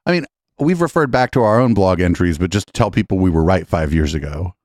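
A man's voice: low voice, lively intonation, brisk, a little mellow, no room sound, studio quality. A man co-hosting a podcast, reacting to a clip with sarcastic, swearing, mocking remarks. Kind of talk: casual chat.

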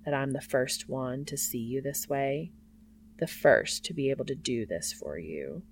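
A woman voicing an intense man with a hoarse, husky, wrecked voice who speaks slowly and seductively in a hushed tone. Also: medium pitch, a little hiss or hum.

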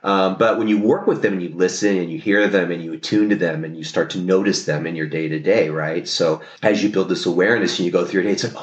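Man, very low voice, therapist guest, reflective, explanatory, echoey room. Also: fairly even intonation, fast talker, few pauses, dull audio. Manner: reflective, explanatory, often adds "right?". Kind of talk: podcast conversation. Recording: roomy echo.

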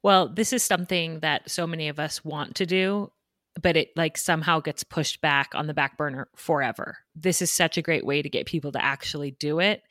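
A woman's voice: deep voice, steady tone, a little fast, a bit bright, dry recording. A woman hosting a podcast, chatty and encouraging, with a dry sarcastic streak. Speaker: podcast host. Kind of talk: casual podcast interview.

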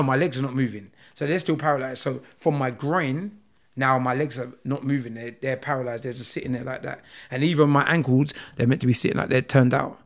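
A man with a London accent, a guest telling a personal story with feeling, acting out the dialogue in a lively way. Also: medium pitch, creaky. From England. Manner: animated, acts out dialogue with rising voice.

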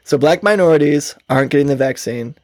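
A man's voice: fairly high pitch, a little fast, no room sound, clean studio sound. A man co-hosting a podcast, rambling through casual talk with frequent swearing and laughter. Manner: rambling, profane, laughs often. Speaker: podcast co-host.

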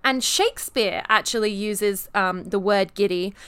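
A woman with a British accent chats casually, co-hosting and explaining where words come from. Her voice is bright and sharp, and her tone is smooth and crisp. She leans on fillers and giggles often. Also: mid-range voice, measured pace. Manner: chatty, with frequent fillers and giggles. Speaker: podcast co-host. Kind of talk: casual chat explaining word origins.

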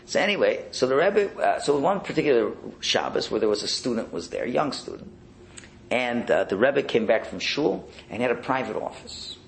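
Gravelly-voiced man telling a sermon story. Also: mid-range voice, moderate pace, slight background noise, rough recording. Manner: animated storyteller, acts out the voices in his tales. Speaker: rabbi teaching a Torah lesson.

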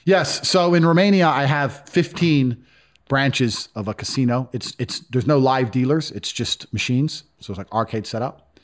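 A man's voice: mid-range voice, moderate pace. A man telling stories as a podcast guest in a blunt, profane, casual way. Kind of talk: casual storytelling.

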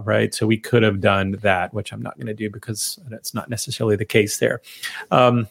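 A middle-aged man co-hosting a casual tech chat, animated and thinking aloud as he types. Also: fairly low pitch, a little fast, gravelly, husky. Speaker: co-host.

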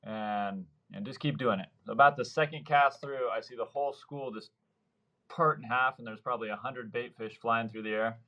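A man's voice: medium pitch, moderate pace. A man in his thirties, a surf fishing guide, telling stories casually in a podcast interview and acting out the lines of the people in them. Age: 30s. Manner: lively storyteller, acts out quoted dialogue.

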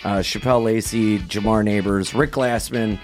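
A man hosting a casual comedy podcast, telling rambling stories and shouting out quoted lines. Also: fairly low pitch, fairly even intonation, normal speed, soft background music. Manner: rambling storyteller, loud voices for quoted people. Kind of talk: casual chat.

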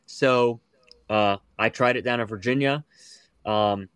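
A man's voice: medium pitch, takes it slowly, clean tone, no room sound. A young American man, a podcast guest, telling his story casually with fillers and restarts. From United States. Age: young adult. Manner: relaxed, with frequent fillers and restarts.

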